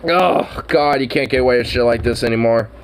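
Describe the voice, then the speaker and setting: A man's voice: mid-range voice, fairly quick, low-quality recording. A man chatting casually, rambling and swearing, laughing often as he riffs on a story. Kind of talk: casual chat.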